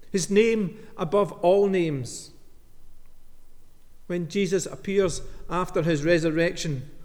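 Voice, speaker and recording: A man preaching a sermon as minister, telling a story with dramatic pauses. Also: on the high side, warm tone. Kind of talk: sermon with Bible reading. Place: church. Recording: long reverb of a church.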